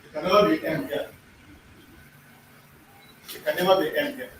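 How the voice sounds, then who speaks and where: A man's voice: fairly high pitch, moderate pace, fairly bright tone. A man teaching a language lesson in a classroom, repeating himself and often checking that the class is following. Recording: echoey room, distant mic, faint noise.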